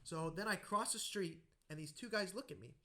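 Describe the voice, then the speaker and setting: A man hosting a podcast, telling anecdotes in a casual, animated way and acting out the voices in his stories. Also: high voice, normal speed. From United States. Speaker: podcast host. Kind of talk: casual conversational storytelling.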